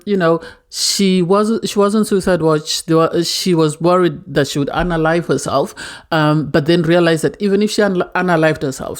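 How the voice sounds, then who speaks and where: A woman reviewing a reality TV episode in a casual, emotional way, often repeating herself as she talks. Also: low-pitched. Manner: emotional, earnest, repeats words.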